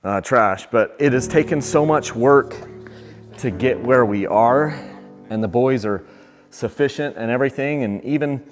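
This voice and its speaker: A man's voice: mid-range voice, measured pace, long reverb tail, soft background music. A man in his forties hosting a dirt bike vlog, talking in an earnest, rambling, heartfelt way while working in his home workshop. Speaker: dirt bike channel host. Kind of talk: casual vlog while doing an oil change.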